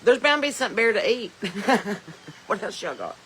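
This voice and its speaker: A woman's voice: mid-range voice, very animated, brisk, a bit bright, slight background noise, poor audio. A woman with a Southern US accent hosting a casual live stream from her phone, rambling, laughing often and reading viewer comments aloud. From Southern United States. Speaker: podcast host. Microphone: smartphone.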